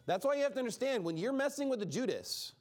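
High, lively male Bible teacher. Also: fast. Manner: animated, acts out quoted speakers; casual, many "like" fillers. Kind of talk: informal Bible study sermon.

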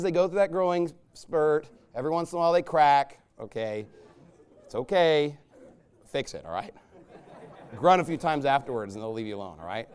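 A pastor preaching from the pulpit, a man with a high voice for a man and a smooth, resonant tone. He talks in a blunt, emphatic way that turns scornful. He breaks into loud bursts. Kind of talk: sermon.

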